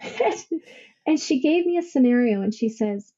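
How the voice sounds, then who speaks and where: A woman's voice: on the high side, animated, fairly quick, mellow, highs cut off. A woman podcast guest telling a personal story in a casual interview, emotional and laughing often as she quotes others. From Idaho, United States. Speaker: podcast guest, veteran business owner.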